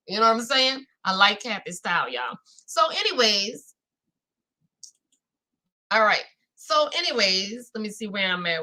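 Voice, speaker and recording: Bright-voiced New Orleans woman. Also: on the high side, moderate pace, poor audio. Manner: animated, talks straight to viewers, reads out chat comments. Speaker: reality-show recap host. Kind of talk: chatty live-stream recap.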